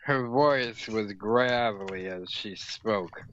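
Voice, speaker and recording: A man's voice: fairly low pitch, slow pace, a bit bright. Man reading fan fiction aloud for laughs. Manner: reads aloud, stumbles and corrects words, laughs mid-sentence. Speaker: reader and host. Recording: dull lo-fi audio, dry room.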